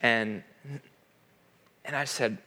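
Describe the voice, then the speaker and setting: A man's voice: mid-range voice, drawn-out words, sharp tone. A man in his thirties giving an earnest sermon-style talk on parenting, telling a family story and acting out the dialogue.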